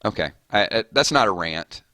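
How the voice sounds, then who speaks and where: Male gaming streamer, lowish bright voice, rambling and chatty, dry close sound. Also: expressive, normal speed, no room sound. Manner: rambling, off on tangents. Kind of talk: casual chat while streaming.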